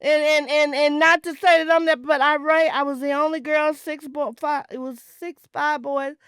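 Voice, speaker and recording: A woman in her sixties hosts a casual talk show and tells stories with an animated, preachy flair. Her voice sits high, and the recording is dry and close with little room sound. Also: normal speed, no room sound. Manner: animated, preachy storytelling with Southern Black vernacular. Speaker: podcast host.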